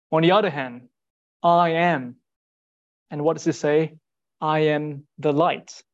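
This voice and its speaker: A man giving a sermon in an earnest, rhetorical way, repeating short phrases and pausing for weight. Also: on the high side, darkish tone, highs cut off. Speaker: speaker giving a Bible talk.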